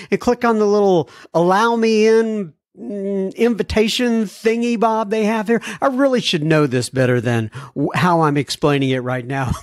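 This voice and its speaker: A man's voice: on the high side, dry recording, studio quality. A man hosting a recovery podcast in a casual, chatty, self-deprecating way, often laughing as he talks. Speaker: podcast host.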